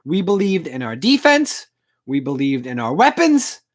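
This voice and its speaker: A woman's voice: low voice, very animated, normal speed. A woman ranting in a postgame fan video, angry, profane and emotional, on a home recording setup. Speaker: sports fan vlogger. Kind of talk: postgame rant.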